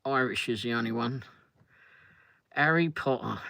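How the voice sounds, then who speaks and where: A man's voice: medium pitch, normal speed, a bit bright, no echo. An older man hosting a livestream, chatting casually in a rambling way while reading viewer comments, often laughing. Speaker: livestream host.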